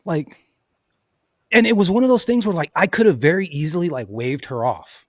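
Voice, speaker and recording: Male host, high voice, dry close sound; animated storyteller who laughs a lot. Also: normal speed, dry recording. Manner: animated, laughs often, says "bro" and "you know what I'm saying". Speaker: podcast host. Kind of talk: casual storytelling chat.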